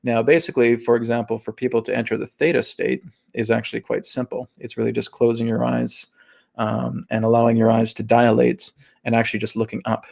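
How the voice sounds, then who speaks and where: A man hosting a live spiritual talk and Q&A in a casual, animated way, often checking in with "right?" and acting out voices. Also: medium pitch, a little fast, creaky. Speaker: host and spiritual teacher.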